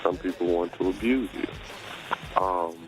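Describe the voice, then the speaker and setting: A rapper guesting on a radio interview, speaking bluntly and emphatically with a defiant streak. His voice sits low, with quiet music playing underneath. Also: slow pace, rough recording.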